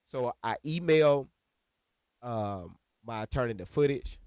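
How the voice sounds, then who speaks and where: A man casually telling a personal story to viewers, animated and profane, calling them y'all. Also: mid-range voice, a little slow, noisy background. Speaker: storyteller recounting a personal incident.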